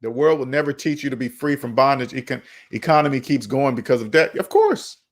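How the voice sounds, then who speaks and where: A man running a personal finance channel delivers an emphatic, preachy monologue, repeating his points and scolding his viewers. His mid-range voice is steady and fast.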